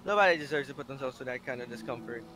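A man's voice: medium pitch, animated, racing, background noise, pitched below the performer's own voice, lightly acted. A man voicing a shy, awkward bookish teenage girl, reading her lines with hesitation from a visual novel. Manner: hesitant, self-critical reading.

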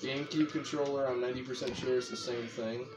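Young man, casual game tutorial, rambling chatty delivery, mid pitch, game music behind. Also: fairly even intonation, quick pace. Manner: rambling, chatty, self-correcting. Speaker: gameplay commentator.

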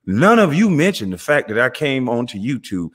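A man's voice: medium pitch, sing-song, moderate pace, a bit bright, husky. A man hosting his own channel, delivering a heated, confrontational monologue in street slang. He mocks listeners and repeats himself as he calls them out. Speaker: channel host.

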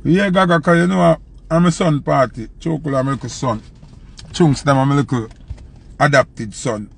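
A young man with a Jamaican accent, a selector telling a loose, animated story in patois and acting out the quotes. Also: on the high side, normal speed, creaky, breathy edge. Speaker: dancehall selector. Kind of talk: casual storytelling.

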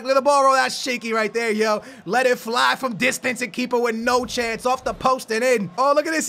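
A young man giving excited commentary over his own soccer video game match, yelling at goals and humming between plays. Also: very high-pitched, vocal fry. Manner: hyped, yelling at goals, playful banter; hums and sings snatches between plays. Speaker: gaming YouTuber.

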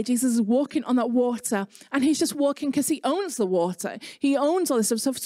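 A woman's voice: a little high, a little mellow, no echo, studio quality. A woman with an English accent preaching an online sermon in a chatty, conversational way, mixing personal stories with scripture. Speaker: pastor.

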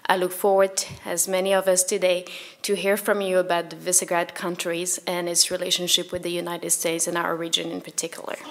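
Lady giving a welcome speech, lowish voice, formal, bit halting. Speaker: mayor's office representative.

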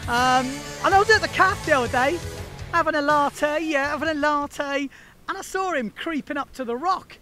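A man's voice: very high-pitched, moderate pace, sharp tone, faint music behind. A man hosting a windsurfing video, chatting casually and enthusiastically to the camera in slangy talk.

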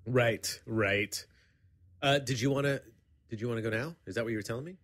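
A man co-hosting a casual podcast, telling stories with plenty of laughter. His voice sits at an ordinary middle pitch, and he acts out the voices of the people in his stories. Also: fairly quick, a bit bright. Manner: chatty, laughs often, acts out quoted voices. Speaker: podcast co-host. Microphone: headphones and studio mic.

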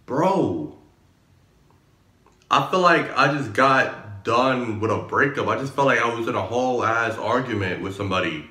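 A man hosting a music reaction video, talking casually with excitable slang and repeated exclamations. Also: medium pitch, normal speed. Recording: echoey room with music playing. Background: song playing in background.

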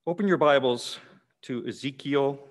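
A man, preaching a sermon in a measured way, repeating key phrases with pauses, in a church hall. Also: mid-range voice. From Canada. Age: 60s. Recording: long echoing church reverb.

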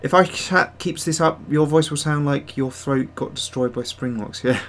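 His voice sits on the high side with a fairly bright tone, and he keeps a moderate pace. As host of a digital sculpting livestream, he rambles casually, reads viewer messages aloud, and pokes fun at himself.

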